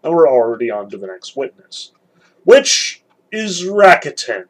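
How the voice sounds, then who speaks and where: A man's voice: a little high, sing-song, measured pace, low-quality recording. A man teaching a literature lesson, explaining the scene step by step and weighing each side in turn. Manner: explanatory, weighs both sides repeatedly. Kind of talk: recorded lecture.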